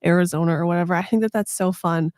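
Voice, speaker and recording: A woman's voice: lowish voice, fairly even intonation, fast talker, darkish tone, no echo, studio quality. Playful, sarcastic woman podcaster. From United States. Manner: playful, sarcastic, swears casually, acts out silly quoted voices. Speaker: podcast host. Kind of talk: casual chat.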